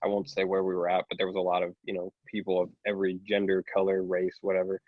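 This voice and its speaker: A man's voice: low voice, completely flat delivery, fast talker, no echo, narrow, tinny audio. A man in a casual podcast chat, telling a story and quoting what others said.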